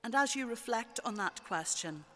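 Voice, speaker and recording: A preacher giving a measured, rhetorical sermon with repeated phrases, recorded in a church. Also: mid-range voice, expressive, fairly bright tone, slight background noise. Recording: long church reverb.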